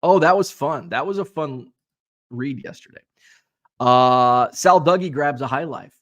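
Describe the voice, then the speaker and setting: A man's voice: medium pitch, unhurried, fairly bright tone, muffled recording. A man hosting a casual livestream, rambling with fillers as he reads viewer comments aloud. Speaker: livestream host reading chat.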